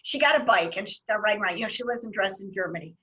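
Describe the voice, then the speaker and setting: A middle-aged woman hosting a casual chat, telling lively stories and laughing often. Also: medium pitch, racing, rough recording. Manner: animated storyteller, laughs often. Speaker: host.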